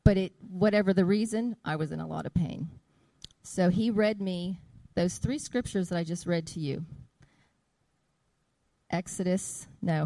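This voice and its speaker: A middle-aged woman giving an earnest testimony about her healing, reading scripture slowly and deliberately. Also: on the low side, dark tone, no room sound. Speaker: church member giving a testimony.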